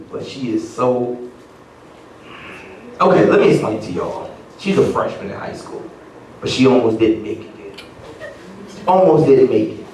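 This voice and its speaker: A man's voice: medium pitch, slight background noise. A middle-aged man performing a stand-up comedy set at a party, telling stories and putting on voices for the people in them. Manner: animated storytelling with voiced quotes. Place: party venue with live audience. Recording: roomy, distant venue recording. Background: audience laughter.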